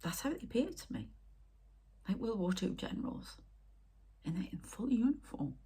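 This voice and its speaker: A woman who is a spiritual medium and hosts her own channel rambles emotionally and in an upset way on a casual spiritual vlog, often dropping to a near whisper. Her mid-range voice is sing-song, dark, and husky, at normal speed.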